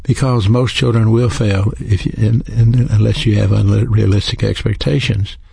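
A man preaching in an earnest, teaching manner, his low voice gravelly and husky. The tone is dark and mellow, and the sound is close and dry with no room around it. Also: fairly even intonation, moderate pace, no room sound. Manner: earnest, teaching, spells out words. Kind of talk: sermon.

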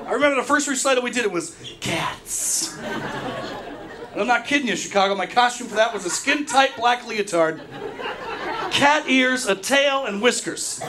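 Brash, high-voiced male comic. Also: lively intonation, normal speed, crowd noise. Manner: brash, profane, storytelling. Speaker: stand-up comedian. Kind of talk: stand-up routine.

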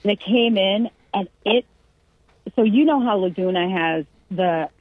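A woman from California telling a long family anecdote in casual chat, animated and acting out the quoted lines. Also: medium pitch, measured pace, dry recording. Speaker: storyteller. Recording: tinny phone-line sound.

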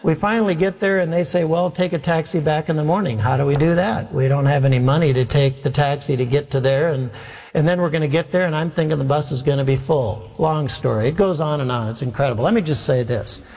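A man's voice: a little high, quick pace, a little mellow, big-room sound. A man, a pastor, telling a humorous, self-mocking travel story in a sermon, acting out the dialogue.

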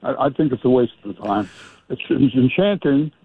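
A man's voice: medium pitch, animated, moderate pace, husky. A man calling in to a radio show, rambling and hesitant. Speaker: caller. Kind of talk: call-in radio chat. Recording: phone line.

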